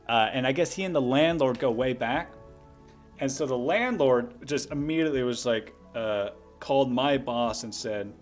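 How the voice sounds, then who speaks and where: Young guy streaming, rambling through a story, keeps restarting, faint music behind. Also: mid-range voice. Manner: rambling, with many restarts and asides. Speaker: livestream host. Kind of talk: casual storytelling on a livestream.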